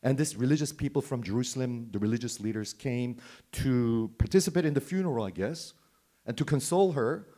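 Man, pastor, sermon, rhetorical questions, emphatic then hushed. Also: mid-range voice, brisk. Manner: emphatic, rhetorical questions, drops to near-whisper for effect.

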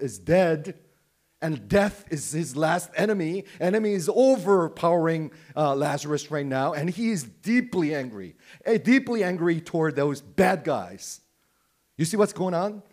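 A man's voice: a little high, a little mellow. A man preaching a sermon, asking the listeners questions and swinging from emphatic stress down to a near-whisper. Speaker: pastor.

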